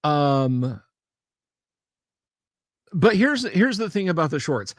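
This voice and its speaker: A man hosting a livestream talks in an unhurried, stop-and-start way, full of pauses and restarts. He repeats key phrases to drive his point home. His voice is recorded close and dry, with no room sound. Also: on the high side, sing-song, dry recording. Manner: emphatic, repeats himself. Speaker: livestream host. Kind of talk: casual chat.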